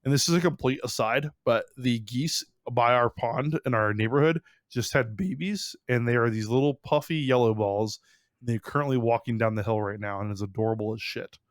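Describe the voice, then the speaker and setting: A young man with an Ohio accent chats casually as a podcast co-host, rambling and upbeat with many fillers. His voice sits at an ordinary pitch. The recording is dry and close, with no room sound. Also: moderate pace, no room sound.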